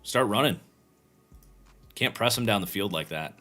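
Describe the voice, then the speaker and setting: A man's voice: fairly low pitch, lively intonation, normal speed, sharp tone, soft background music. A tired man hosting a livestream, casually breaking down football game film and thinking aloud with frequent restarts. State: tired, yawning. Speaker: host and football draft analyst.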